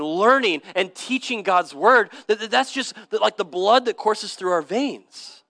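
Bright, high-voiced man preaching earnestly. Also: animated, measured pace, few pauses, dry recording, studio quality. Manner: earnest, emphatic, casual slang, often repeats words. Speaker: pastor. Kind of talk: sermon. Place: church service.

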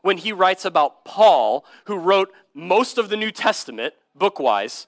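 A man's voice: high voice, very animated, a little slow, fairly bright tone, no room sound, clean studio sound. A man preaching a sermon in church, earnest and emphatic, with casual slang and frequent word repeats. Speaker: pastor. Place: church service.

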